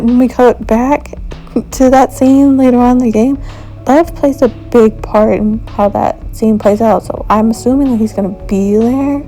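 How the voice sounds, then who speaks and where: A woman's voice: on the high side, dark tone, poor audio. A woman giving a frank, opinionated review in a casual rant, often exasperated. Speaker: video reviewer.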